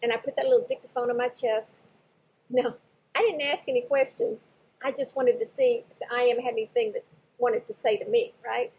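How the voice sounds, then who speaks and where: A woman's voice: a little high, fairly even intonation, fairly quick, a little mellow, husky, low-quality recording. An older woman casually telling a personal spiritual story, rambling and often correcting herself as she goes. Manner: rambling, digressive, self-correcting. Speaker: spiritual channel host.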